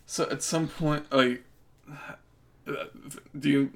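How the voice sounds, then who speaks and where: Guy with a gravelly voice co-hosting a recap show, easygoing, laughs a lot. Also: on the high side, slow pace. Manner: relaxed, laughs often, many fillers. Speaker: podcast co-host. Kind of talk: casual chat.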